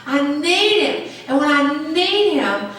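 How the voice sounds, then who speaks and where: A woman's voice: high-pitched, very animated, takes it slowly, a bit bright. A woman pastor preaching a sermon with emphatic call-and-response. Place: church sanctuary. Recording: echoey church from far off.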